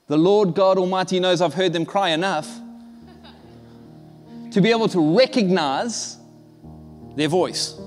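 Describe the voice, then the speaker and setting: A man preaches in a high voice, pressing his points hard and sometimes acting out what people say. His delivery stays conversational. The sound carries a long reverb, as in a big hall. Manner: emphatic, conversational preaching with acted-out dialogue. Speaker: pastor. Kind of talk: sermon.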